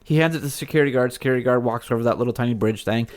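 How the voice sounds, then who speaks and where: A man's voice: mid-range voice, rapid-fire. A man co-hosting a podcast, telling a story in casual chat and acting out the quoted lines with gusto. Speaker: podcast co-host.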